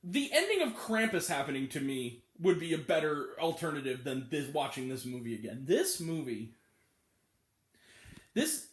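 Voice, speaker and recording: A man's voice: a little high, huge pitch swings, moderate pace. A man in his late twenties reviewing a movie in a casual, exasperated rant, swearing now and then. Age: 20s. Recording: echoey room.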